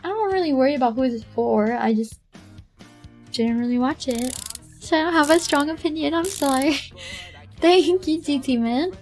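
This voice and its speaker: Chatty woman streamer, higher voice. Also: normal speed, darkish tone, soft background music. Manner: chatty, rambling, many fillers and laughs. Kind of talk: casual chat with chat while drawing.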